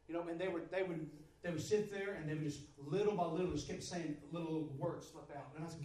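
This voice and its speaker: A man's voice: fairly high pitch, fast, few pauses, darkish tone, echoey room, distant mic, rough recording. A man preaching a sermon, emphatic and repetitive, his voice swelling and dropping. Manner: repetitive, emphatic, rises and drops in volume.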